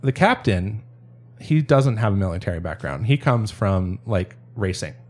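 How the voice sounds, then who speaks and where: A man with a lowish voice recounts a story in a casual podcast conversation. He rambles, restarts his sentences and often breaks into laughter. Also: lively intonation, moderate pace, a little mellow. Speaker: storyteller guest.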